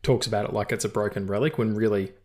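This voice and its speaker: A man hosting a podcast, talking casually about films in an animated, rambling and profane way. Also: fairly low pitch, fast talker. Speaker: podcast host. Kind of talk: casual film-discussion chat.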